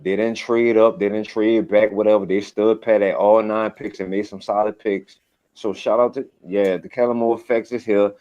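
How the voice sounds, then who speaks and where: Blunt low-voiced caller, dull lo-fi line. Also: male voice, fairly even intonation, normal speed, dark tone. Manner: blunt, emphatic, slangy. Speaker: call-in guest. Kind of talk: casual sports opinion. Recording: dull lo-fi call audio.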